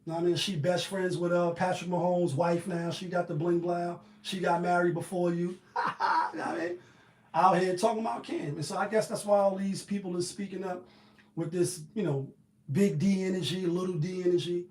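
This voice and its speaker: A man giving casual commentary on the news in a slangy, animated, riffing manner. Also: sits high, fairly quick, roomy sound.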